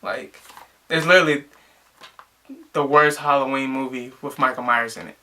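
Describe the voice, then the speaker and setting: A man's voice: medium pitch, moderate pace, pushed and bright. A young man casually reviewing a movie, rambling and exasperated, with lots of filler words.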